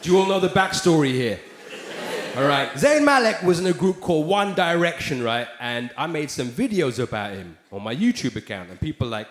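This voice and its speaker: A man's voice: a little high, big pitch swings, fairly quick. A man performing live stand-up in a theater, sardonic and conversational with rhetorical asides. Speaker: stand-up comedian. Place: theater stage. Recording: roomy live theater with ambient noise.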